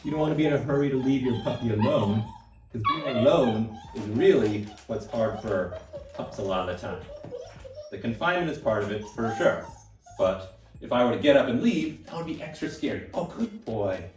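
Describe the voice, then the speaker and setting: Male trainer on camera in a roomy space, away from the mic: relaxed, gentle and soothing, a puppy whining nearby. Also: mid-range voice, fairly quick, recorded from a distance, over music. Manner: soothing, soft talk to a puppy. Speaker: dog trainer. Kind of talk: casual on-camera demonstration.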